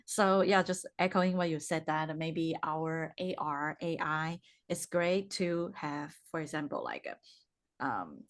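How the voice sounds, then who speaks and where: A woman's voice: sits low, animated, a little slow. A woman hosting an interview over a video call, talking casually and hesitantly as she searches for words. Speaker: podcast host.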